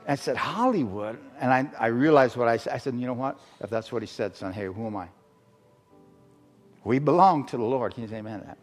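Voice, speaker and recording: A middle-aged man from Arizona, a guest preacher telling a story as a sermon testimony, halting, with many fillers and restarts. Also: mid-range voice. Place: church sanctuary. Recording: long hall reverb with faint music.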